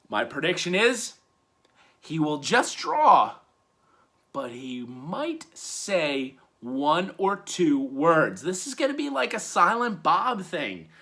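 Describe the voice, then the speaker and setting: A man hosting a weekly wrestling review in casual commentary, swinging from loud hyped bursts to low muttered asides. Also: very animated, slow pace.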